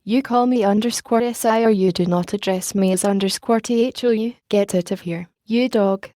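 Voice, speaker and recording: Woman reader as weary male ex-convict; humble, eager, warm dry read. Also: medium pitch, moderate pace, no echo, lightly acted. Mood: earnest.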